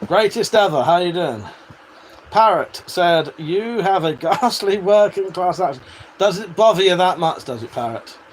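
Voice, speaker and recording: A chatty British man hosting a casual livestream, his voice sitting a touch higher than most men's. He swears freely and laughs often, with a faint fan hum behind him. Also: animated, normal speed. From United Kingdom. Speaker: livestream host. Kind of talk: casual livestream chat reading viewer comments.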